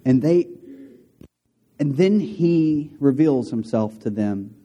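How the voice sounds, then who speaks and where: A man preaching a sermon to a congregation, telling a story in a conversational, animated way with asides to the listeners. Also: medium pitch, takes it slowly. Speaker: pastor.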